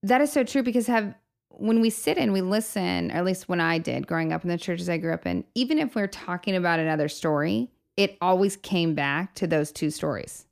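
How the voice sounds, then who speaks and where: A woman's voice: on the low side, brisk, vocal fry. Chatty, laughing woman podcast host. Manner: chatty, laughs often, self-reflective. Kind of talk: casual faith conversation.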